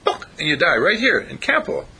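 Lively bright-voiced man teaching a group. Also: on the high side, fairly quick, breathy edge. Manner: questions the listeners and chuckles often. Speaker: spiritual teacher. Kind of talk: informal spiritual talk to a small group.

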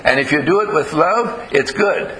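Animated, bright-voiced man preaching. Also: a little high, moderate pace, slight background noise, rough recording. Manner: animated, playful, acts out voices in anecdotes. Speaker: minister. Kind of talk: lively sermon with storytelling.

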